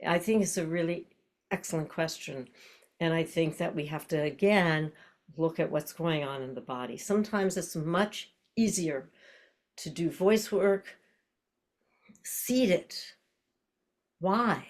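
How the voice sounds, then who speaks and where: A woman's voice: sits low, takes it slowly, long pauses, a little mellow. An older woman teaching an online voice class, explaining breath and posture and demonstrating with tongue-twisters and nonsense syllables.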